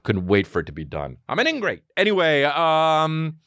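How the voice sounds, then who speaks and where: A man's voice: a little high, normal speed, smooth, dry recording, clean studio sound. A man in his thirties hosting a podcast, telling rambling, profane stories in a casual comedic monologue. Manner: rambling, profane, animated storytelling. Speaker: podcast host.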